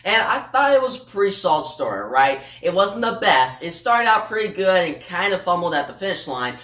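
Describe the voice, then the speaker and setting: A man's voice: high-pitched, very animated, brisk, bright, forceful tone. A man casually recapping a comic book story, chatty and full of fillers like "pretty much" and "right?". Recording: roomy echo, distant from the mic, faint music behind.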